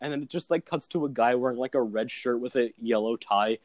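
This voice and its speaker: A man's voice: medium pitch, a little fast, no echo. Rambling young man telling a story. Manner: rambling, full of "like" fillers, laughs at his own story. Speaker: student describing his comedy sketch. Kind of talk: casual chat.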